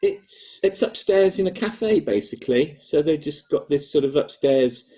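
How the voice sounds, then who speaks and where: A man's voice: on the high side, lively intonation, measured pace, dark tone. An older man with an English accent, chatting casually with other poets on a video call. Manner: chatty, with frequent restarts.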